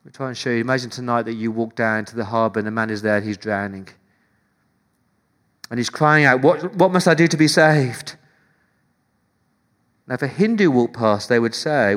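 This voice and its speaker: A man preaching a sermon to his church, driving points home with rhetorical repetition and swinging between loud declarations and hushed, intimate passages. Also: mid-range voice, animated, brisk.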